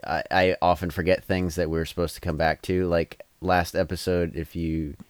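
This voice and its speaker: A man co-hosting a podcast in casual chat, wry and dry, often trailing off quietly. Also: sits low, flat delivery, normal speed, clean tone, no echo. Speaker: podcast co-host.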